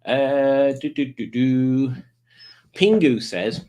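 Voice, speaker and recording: A man hosts a casual livestream from a home setup with lights, rambling loosely and joking easily as he greets the chat. His middle-range voice is expressive and unhurried, with slight background noise.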